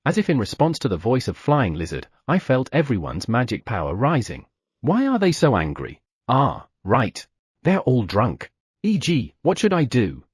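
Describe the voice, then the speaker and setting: A man narrating a fantasy audiobook in first person, giving the other characters small shifts of pitch. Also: wildly swooping pitch, normal speed, breathy edge, no echo, clean studio sound.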